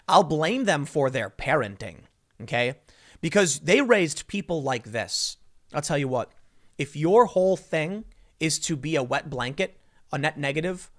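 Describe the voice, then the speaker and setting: Man, slightly high voice, casual commentary monologue, emphatic, restarts often. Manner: animated, emphatic storytelling with restarts. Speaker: political commentary host.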